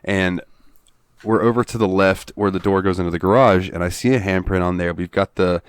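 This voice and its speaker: A man hosting a casual gaming podcast, telling stories in a lively way and acting out his friends' shouts. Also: sits low, a little fast, clean tone, no room sound, studio quality. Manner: lively storyteller who acts out friends' shouts. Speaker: podcast host.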